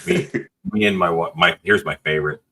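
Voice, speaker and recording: A man's voice: deep voice, a little fast, pushed and bright, husky. A man with a dry sense of humor telling anecdotes in a casual chat.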